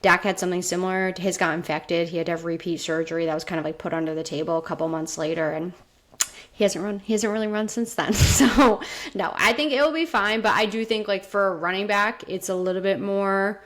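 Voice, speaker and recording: A woman's voice: lowish voice, steady tone, a little fast. A woman co-hosting a sports podcast, explaining things in a matter-of-fact, casual way. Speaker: podcast co-host.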